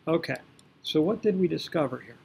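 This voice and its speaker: A man's voice: fairly high pitch, animated, brisk, vocal fry, a little mellow, slightly rough. A man teaching a recorded math lesson, talking through each step and catching his own slips as he goes. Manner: talks through working step by step, self-correcting.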